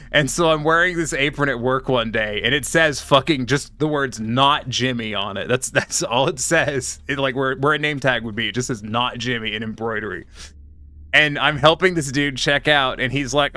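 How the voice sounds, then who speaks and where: Young male streamer, bright forward tone, loose rambling anecdotes with deadpan delivery. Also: medium pitch. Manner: rambling storyteller, swears casually, deadpan punchlines. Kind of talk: casual live-stream chat while playing.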